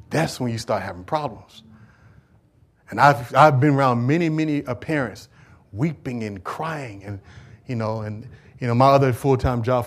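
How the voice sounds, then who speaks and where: A man preaching a church sermon, moving from quiet, conversational talk to loud call-and-response questions. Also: medium pitch. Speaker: pastor. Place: church service.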